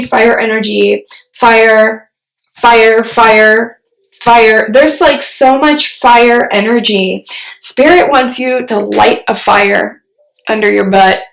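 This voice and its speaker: A woman giving a solo tarot reading, musing aloud and pausing to put questions to spirit as she turns the cards. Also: a little high, gravelly. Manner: slow, musing, talks to spirit mid-reading. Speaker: tarot reader. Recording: roomy echo.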